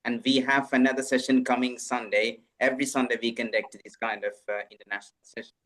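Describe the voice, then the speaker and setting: Brief: mid-pitched man moderator, courteous and insistent, video call. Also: flat delivery, fast talker, fairly bright tone. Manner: polite, repetitive, urging others along. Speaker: session organizer. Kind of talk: online meeting moderation.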